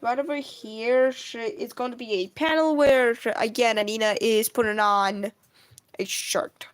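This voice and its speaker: Rambling woman, higher voice. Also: steady tone, a little slow, smooth. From Russia. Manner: rambling, self-correcting, frequent coughs. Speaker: comic artist streaming. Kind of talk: casual live-stream chat while drawing.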